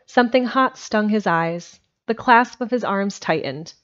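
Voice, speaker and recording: A woman reading a storybook aloud in a steady, plain way on a home stream. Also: mid-range voice, measured pace. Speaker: amateur audiobook reader. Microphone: home streaming microphone. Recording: dull lo-fi home recording.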